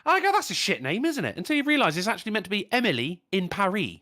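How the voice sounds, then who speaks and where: A British man chatting on a podcast with a voice that swings freely up and down. He swears a lot and laughs easily, his delivery loose and animated. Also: high-pitched, racing. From Britain. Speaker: podcast co-host. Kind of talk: casual chat.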